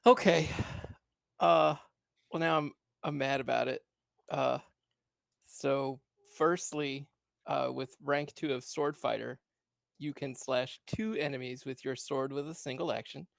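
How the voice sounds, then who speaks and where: A man's voice: mid-range voice, fairly even intonation, a little slow, gravelly, dry recording, studio quality. A man playing in a tabletop game, reading out rules with hesitant fillers. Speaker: player. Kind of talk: casual tabletop play.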